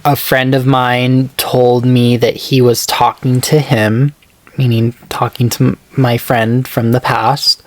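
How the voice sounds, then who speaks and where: A man's voice: flat delivery, slow pace, no echo. Rambling man telling a story, dry sound. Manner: rambling, filler-heavy, acts out quoted texts in a higher voice. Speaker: podcast co-host. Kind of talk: casual storytelling chat.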